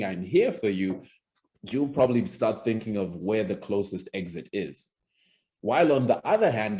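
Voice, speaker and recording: A man's voice: mid-range voice, mellow. A man teaching presentation skills over a video call, talking conversationally with frequent restarts and acting out example lines. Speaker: public speaking coach. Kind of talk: online presentation skills lesson.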